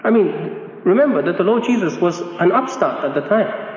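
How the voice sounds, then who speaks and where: Man preaching, high voice, very lively pitch, echoey hall, dull sound. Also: moderate pace. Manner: conversational, emphatic, repeats phrases. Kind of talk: sermon.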